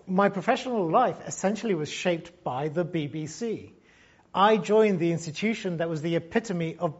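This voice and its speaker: The recording is muffled, capturing a man whose voice is on the high side. He's a former broadcast journalist from Gibraltar in his fifties, lecturing at a university in a reflective, conversational manner and thinking aloud.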